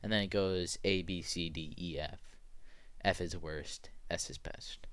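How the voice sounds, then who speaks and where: A young man with a fairly low voice talks through an animal ranking in a loose, casual way. He is excitable and slips into loud, mock-angry outbursts. The recording is close and dry, with no room sound. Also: a little slow, clear, resonant tone, dry recording. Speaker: student presenter. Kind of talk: casual tier-list rant.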